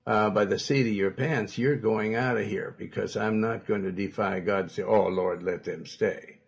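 Emphatic preacher man, gravelly and slow. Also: fairly low pitch, muffled recording. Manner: emphatic preaching, with sudden loud bursts; quotes scripture in old-fashioned wording. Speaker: pastor. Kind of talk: sermon.

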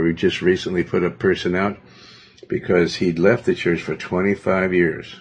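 Male pastor, deep gravelly voice, domineering and rambling, husky tone, lo-fi recording. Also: flat delivery, normal speed. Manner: domineering, rambling, with many fillers. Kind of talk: sermon. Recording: dull lo-fi recording.

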